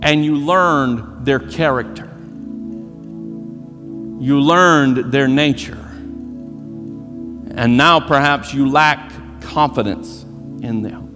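A man preaching a sermon as pastor, building to shouted emphasis and repeating his phrases. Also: medium pitch, takes it slowly, long pauses, in a large hall, over music. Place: church sanctuary.

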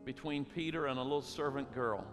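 A man preaching as a pastor, moving between hushed storytelling and loud preaching. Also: medium pitch, fairly quick. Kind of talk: sermon. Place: church sanctuary. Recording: long church hall reverb with faint music.

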